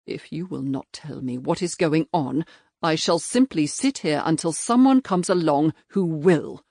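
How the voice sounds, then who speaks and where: A woman voicing a stern male major and magistrate who talks in clipped, threatening, quietly forceful lines. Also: low-pitched, animated, unhurried, dry recording, clean studio sound, exaggerated voice.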